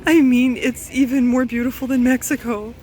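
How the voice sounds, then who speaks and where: A woman's voice: high voice, level tone, normal speed, dark tone, poor audio. A woman from Canada vlogging while she walks through an outdoor city park, gushing and exclaiming as she talks into a handheld phone. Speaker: travel vlogger. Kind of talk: casual walking vlog. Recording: outdoor park noise behind.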